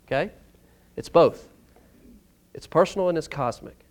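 Emphatic high-voiced male pastor. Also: normal speed. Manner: emphatic, surges loud on key words. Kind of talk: sermon. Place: church sanctuary.

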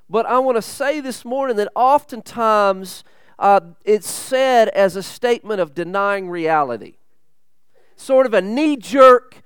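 A man preaching a sermon as pastor, earnest and urgent, rising to emphatic points and dropping to hushed intensity, often restarting his sentences. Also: high-pitched, smooth, no room sound, studio quality. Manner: repeats words and restarts mid-sentence.

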